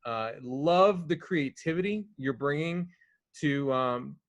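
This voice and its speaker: A man's voice: a little high, slow pace, dry recording. A man hosting a podcast over a video call from home, eager and often repeating words as he talks. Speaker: podcast host. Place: home during a storm.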